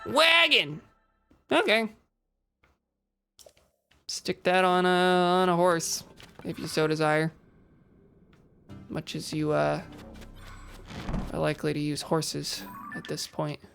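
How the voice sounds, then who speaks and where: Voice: medium pitch, completely flat delivery, slow, creaky, long pauses, clear, resonant tone, soft background music. A game streamer giving casual gameplay commentary, rambling, restarting sentences and chuckling often.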